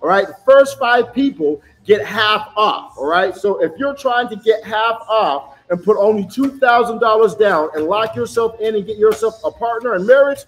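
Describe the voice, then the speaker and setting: A man chatting casually on a live stream as a tarot reader, pitching spells in a loose, salesy way full of fillers. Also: animated, moderate pace, few pauses, poor audio.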